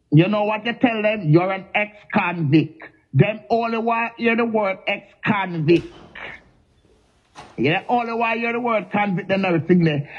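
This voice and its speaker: A Jamaican woman goes off in a heated, confrontational rant, taunting and hammering the same name over and over. The audio is a bit muffled and lo-fi. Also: medium pitch. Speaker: social media personality. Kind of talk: angry live-stream rant.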